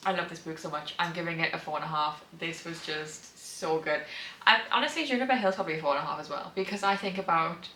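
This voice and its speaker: A young woman chats about her reading in a casual vlog, gushing and excitable and full of fillers. Her voice is bright and forceful. She sits back from the mic in a roomy, echoey room. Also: low voice, quick pace, a little hiss or hum. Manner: chatty and gushing, many fillers, excitable outbursts. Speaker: book vlogger. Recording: roomy sound from a distant mic.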